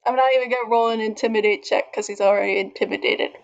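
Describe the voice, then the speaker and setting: A woman's voice: fairly high pitch, fairly even intonation, quick pace, creaky, lo-fi sound. A woman playing a tabletop game, thinking through her turn aloud with hesitant fillers. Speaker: player. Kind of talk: casual tabletop play.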